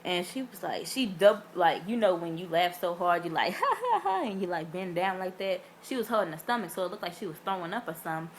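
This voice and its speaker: A young woman chatting straight to her camera, spinning a story with plenty of "like" and "um." She leans into the tale, her voice jumping up as she acts out what everyone said. The delivery is loose and animated, like she's talking to a friend. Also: lowish voice, fast, hardly any pauses, slight background noise. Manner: animated, acts out quotes with big voice swings; chatty with many fillers. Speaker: vlogger. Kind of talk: casual storytelling vlog.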